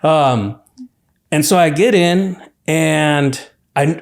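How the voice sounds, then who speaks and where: Young man telling his story, relaxed. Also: a little high, drawn-out words, vocal fry. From California, USA. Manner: relaxed, rambling, many "like" and "you know" fillers. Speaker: podcast guest, university student. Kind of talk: casual storytelling interview.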